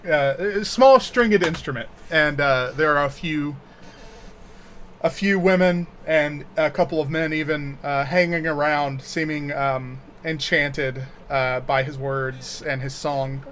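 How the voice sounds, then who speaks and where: A man's voice: fairly high pitch, a bit bright, slight background noise. Hesitant man narrating as game master. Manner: halting, full of fillers and restarts.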